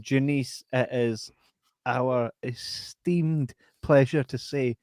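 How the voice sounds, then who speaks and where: A man's voice: medium pitch, fairly even intonation, slow, a little mellow, no echo, studio quality. A man hosting a casual podcast, joking, swearing freely and reading out listener messages. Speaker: podcast host. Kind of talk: casual chat.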